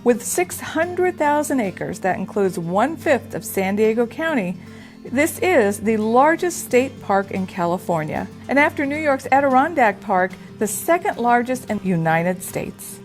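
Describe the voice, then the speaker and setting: Woman travel host, high and lively, bright upbeat delivery, faint music under. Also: a little slow. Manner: upbeat, enthusiastic presenter. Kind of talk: travel show hosting.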